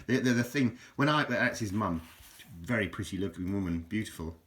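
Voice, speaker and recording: Low-voiced rambling man. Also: expressive, brisk, fairly bright tone. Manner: rambling and hesitant, with frequent fillers, repeats and chuckles. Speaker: vlogger reviewing a book. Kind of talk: casual chat.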